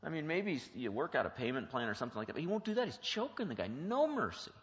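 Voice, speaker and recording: The voice is a bit bright, slightly high and sing-song, moving at a fast clip as a male pastor teaches his congregation in a plain, chatty sermon packed with questions. The lo-fi recording from the church sanctuary sounds dull and carries a long hall reverb.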